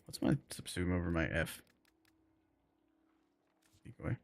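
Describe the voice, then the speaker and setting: Low, slow and creaky, a man's voice rambles through casual chat with viewers while he streams a game, using plenty of fillers. There's no echo on the recording.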